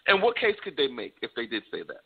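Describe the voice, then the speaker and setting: A man in casual hip-hop debate chat, animated and insistent, pressing his partner with questions. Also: medium pitch, fast. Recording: tinny phone-like sound.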